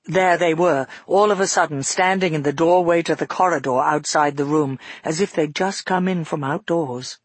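A man voicing a father who tells his daughter a frightening past event in a measured, earnest first-person telling. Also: on the high side, no room sound, close to an everyday voice. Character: grown father recounting a frightening past, shaken. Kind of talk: audiobook narration.

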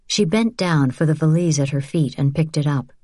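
A woman reading a novel aloud as narrator in a measured, even way. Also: low voice, dry recording, studio quality. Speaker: audiobook narrator. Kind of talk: scripted narration.

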